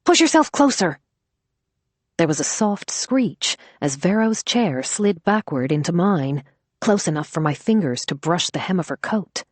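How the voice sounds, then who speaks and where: A woman narrating an audiobook in an even, measured voice, close to the mic. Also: fairly low pitch, no echo. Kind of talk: scripted narration. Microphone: close studio mic.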